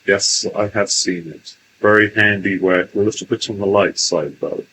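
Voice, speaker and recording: A man's voice: on the low side, steady tone, moderate pace, bright, forceful tone, slight background noise, rough recording. A man channeling a genial male alien leader from Sirius, speaking formally and unhurriedly as "we" in a trance channeling session. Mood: amiable. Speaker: channeled entity.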